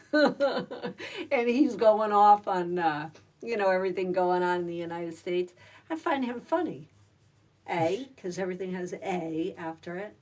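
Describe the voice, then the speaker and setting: A woman's voice: on the low side, expressive, a little slow, a little mellow, far from the mic. Salty, chatty middle-aged woman livestreaming. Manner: chatty, salty, rambling with many fillers. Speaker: livestream host and stand-up comic. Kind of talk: casual livestream chat.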